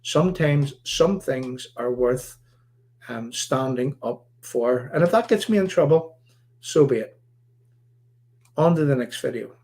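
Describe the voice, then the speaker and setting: Male host, mid-pitched, emphatic and repetitive delivery with frequent pauses. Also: lively intonation, darkish tone. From Northern Ireland. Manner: emphatic, repetitive, halting with many uh's. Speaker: livestream host. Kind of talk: political commentary livestream.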